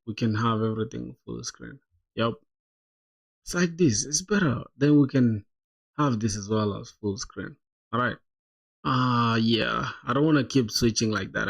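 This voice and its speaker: A man's voice: medium pitch, vocal fry. A man live-streaming his coding, thinking aloud in casual chat, laughing often and calling viewers "bro".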